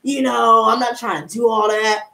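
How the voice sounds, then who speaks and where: A woman's voice: a little high, level tone, moderate pace, creaky, bright, forceful tone, echoey room, slight background noise. A woman in her twenties, a tarot reader and streamer, chatting casually on a livestream with blunt, profane, heated talk. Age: 20s.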